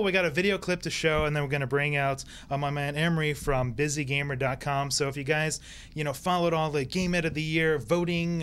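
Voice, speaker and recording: A man's voice: a little high, fairly bright tone, clean tone. A man with a Brooklyn accent hosting a live gaming show in an upbeat, joking way. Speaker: host. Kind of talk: live web show chat.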